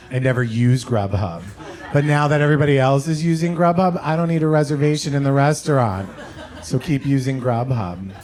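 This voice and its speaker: A man doing a stand-up set at a comedy club, delivering deadpan one-liners with quick self-corrections. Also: mid-range voice. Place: comedy club stage with audience laughter.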